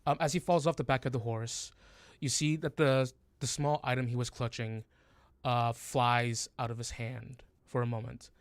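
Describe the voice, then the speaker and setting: A man's voice: mid-range voice, fairly even intonation, normal speed, no echo. A man narrating a tabletop game as game master, hesitant, with many fillers and restarts.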